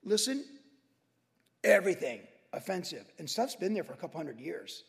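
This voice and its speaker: High-voiced emphatic male preacher. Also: normal speed, creaky, long reverb tail. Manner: emphatic, animated, repeats for stress. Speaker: pastor. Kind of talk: sermon.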